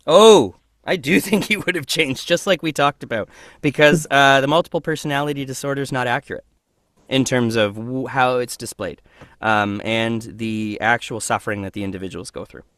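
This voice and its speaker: A man who is a voice actor guest, talking through his work in a thoughtful, animated way. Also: mid-range voice, moderate pace, no room sound, clean studio sound. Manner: thoughtful, animated, acts out voices mid-sentence. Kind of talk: casual interview conversation.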